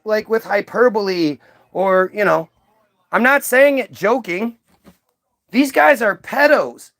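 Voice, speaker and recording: Brief: male commentator, high voice, worked-up profane rant with stammered repeats, dry untreated sound. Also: a bit bright, dry recording. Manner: ranting, profane, repeats words when worked up. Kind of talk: heated commentary while reading aloud.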